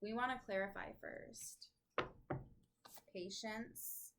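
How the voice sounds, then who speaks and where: A woman's voice: medium pitch, fairly even intonation, takes it slowly, fairly bright tone, low-quality recording. A woman giving a casual tarot reading to camera, chatty and thinking aloud, with the odd swear, at home with her dogs nearby. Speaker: tarot reader.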